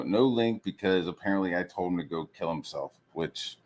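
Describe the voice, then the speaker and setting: A man's voice: low-pitched, animated, brisk, few pauses. A man ranting heatedly as a streamer, swearing constantly, with lots of fillers, mocking other people in raised voices. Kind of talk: profane rant.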